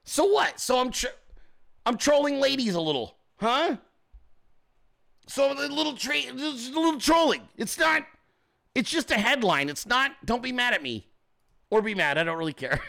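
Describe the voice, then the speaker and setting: A man's voice: extremely high pitch, animated, normal speed, creaky, long pauses, bright, forceful tone. A man hosting a casual livestream, mocking and profane, laughing often and switching into sarcastic put-on voices. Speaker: host.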